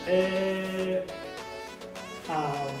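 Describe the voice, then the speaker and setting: A young man from Taiwan, a guest in a casual interview, speaking slowly and hesitantly with dry jokes. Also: sits high, steady tone. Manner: slow, hesitant, joking. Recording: echoey room from far off, music behind.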